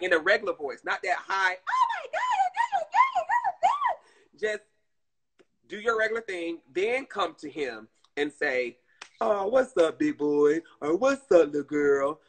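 A woman chatting casually on her live stream, animated and swearing freely, calling her viewers "girl". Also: on the low side, rough recording.

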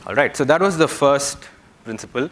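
A young man speaks at a tech conference, laying out ideas step by step for the crowd in a voice of middle pitch. He often pauses to check in with a short "yeah?" before moving on. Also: expressive, fairly bright tone. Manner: explanatory, checks in with the audience with "yeah?". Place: conference hall.

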